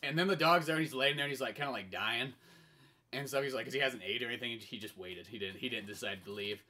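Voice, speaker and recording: A young man co-hosting a podcast, rambling excitedly through a film's plot with lots of fillers, putting on voices and laughing. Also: mid-range voice, quick pace. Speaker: podcast co-host. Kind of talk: casual chat, retelling a film plot.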